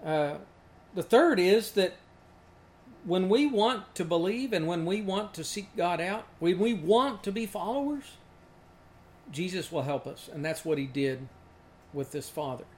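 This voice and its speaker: A man's voice: sits high, animated, measured pace, a little mellow, a little hiss or hum. A man giving a reflective, conversational Bible teaching talk with occasional restarts. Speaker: preacher.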